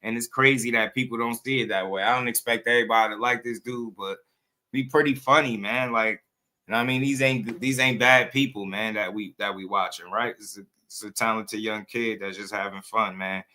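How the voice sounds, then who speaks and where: A man's voice: fairly low pitch, fairly even intonation, fairly quick, pushed and bright. A man hosting a boxing channel, talking in loose, slangy commentary and often breaking into laughter.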